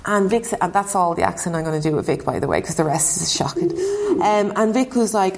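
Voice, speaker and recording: A woman's voice: medium pitch, fast talker, vocal fry, a little mellow. A woman, a former goalkeeper, chatting as an interview guest and telling stories, acting out dialogue and laughing often. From Ireland. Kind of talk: casual chat, storytelling.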